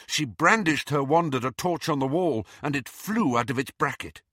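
A man reads an audiobook in an expressive, dramatic scripted narration. His mid-range voice moves at a normal speed, captured with clean studio sound and no echo.

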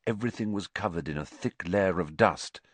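A man reading a story aloud in scripted narration, dramatic and expressive. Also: sits low, moderate pace, breathy edge, no echo. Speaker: audiobook narrator.

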